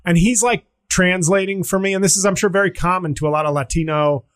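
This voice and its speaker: A middle-aged man hosts a casual comedy podcast in a notably high voice. He talks in an animated way and drops into quick put-on voices when he quotes people. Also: smooth. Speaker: podcast host.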